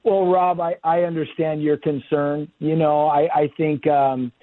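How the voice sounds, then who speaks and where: A man's voice: on the high side, level tone, measured pace, no echo. A man co-hosting a Christian call-in show, praying earnestly for a caller and answering questions, often repeating words as he starts a thought. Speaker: pastor co-host of a call-in show. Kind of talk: prayer and call-in talk. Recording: dry tinny phone-like sound.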